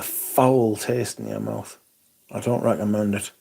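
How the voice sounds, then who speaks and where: A man's voice: fairly low pitch, fairly even intonation, measured pace, gravelly, warm tone, slight background noise. A man hosting a livestream, chatting casually, swearing now and then, and reading out viewer comments. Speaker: livestream host.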